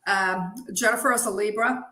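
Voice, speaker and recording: A woman's voice: medium pitch, steady tone, moderate pace, sharp tone. Chatty woman in an echoey room. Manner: chatty and enthusiastic, full of praise. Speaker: guest, zine head witch. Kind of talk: casual interview chat.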